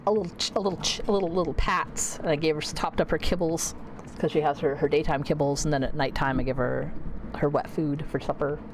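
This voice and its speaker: Low-voiced chatty woman streamer. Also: steady tone, fairly quick, background noise. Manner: rambling, chatty, self-correcting. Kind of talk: casual gameplay chat. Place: home computer room.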